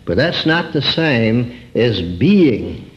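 Slow earnest male preacher, lo-fi. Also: big pitch swings. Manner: earnest, with dramatic swings between high emphasis and low drawn-out words. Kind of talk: personal testimony sermon. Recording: dull lo-fi recording.

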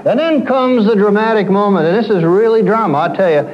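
Speaking briskly in a high-sitting voice, this man lectures an audience as a counselor, and the audio sounds dull. He's an animated storyteller who acts out his clients' words as he quotes them.

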